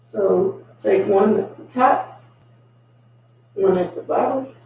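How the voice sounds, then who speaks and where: A fitness instructor with a high-sitting voice and some vocal fry leads a home mobility workout, coaching stretches in a relaxed, unhurried way with casual asides. The mic sits far off in an echoey room at home, picking up a little hiss or hum.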